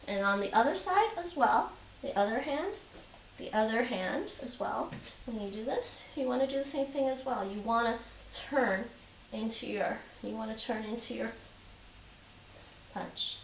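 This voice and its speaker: Counting reps aloud and going over instructions again and again with patience, a woman runs a live-streamed taekwondo workout at home. Her voice is a little high and her pace measured. Sound is echoey and distant, with a faint hiss of noise.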